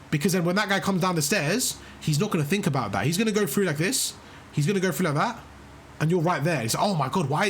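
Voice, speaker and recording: Slight background noise accompanies a man whose voice is a touch high. He coaches a player live during gameplay, explaining step by step in an encouraging way and tending to repeat himself.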